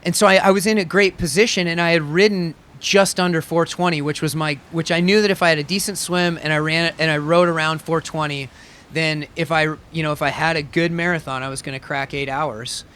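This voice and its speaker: A man in his thirties, a pro athlete talking through an interview in an easygoing way, full of "you know" and "like." His voice is bright and smooth, pitched a bit high for a man. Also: fairly even intonation, a little fast. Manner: easygoing, frequent fillers and laughs. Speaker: pro triathlete guest. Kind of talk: casual interview.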